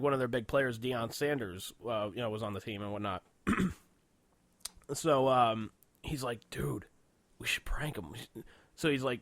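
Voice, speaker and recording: A man's voice: mid-range voice, no room sound. Swearing, laughing young man telling stories. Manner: laughs often, swears a lot, animated storytelling. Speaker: podcast co-host. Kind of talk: casual chat.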